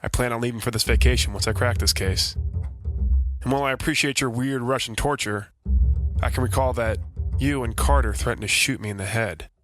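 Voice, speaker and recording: An actor playing a wisecracking private detective who narrates in a dry, hard-boiled way and grows exasperated. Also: male voice, medium pitch, brisk, soft background music, close to an everyday voice. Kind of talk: comedy noir audio drama.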